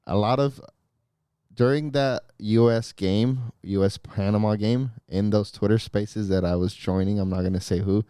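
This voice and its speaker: A man gives his opinions on soccer in a relaxed, easygoing way, his voice warm and a bit low. Fillers pepper his talk, and the sound is close and dry. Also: moderate pace, smooth, no room sound. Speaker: podcast co-host. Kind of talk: casual soccer chat.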